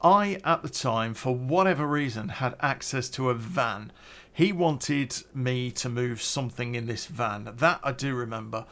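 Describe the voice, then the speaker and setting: A man's voice: mid-range voice, unhurried, fairly bright tone. A middle-aged man casually telling a story on a podcast, rambling and hesitant, with many fillers and restarts.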